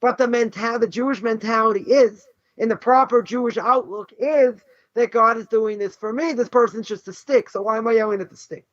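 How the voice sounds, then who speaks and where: High-voiced rabbi. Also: male voice, fairly quick, a bit bright, dry recording. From Boston. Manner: emphatic, rhetorical questions, frequent "right?" and "you know". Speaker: rabbi teaching a class. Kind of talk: animated Torah lesson. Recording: dull lo-fi dry recording.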